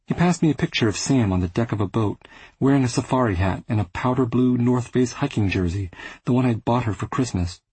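A man reading a first-person literary audiobook, measured and restrained. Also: medium pitch, warm tone, slightly rough, no room sound, poor audio. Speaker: audiobook narrator.

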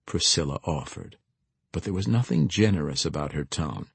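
A man narrating a fantasy audiobook with expressive storytelling. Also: rumbling low, normal speed, creaky, slightly rough, dry recording.

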